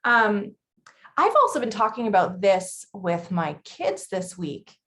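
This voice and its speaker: A woman in her thirties co-hosting a casual chat, blunt and chatty with quick laughs. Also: mid-range voice, very animated, a bit bright. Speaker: podcast co-host.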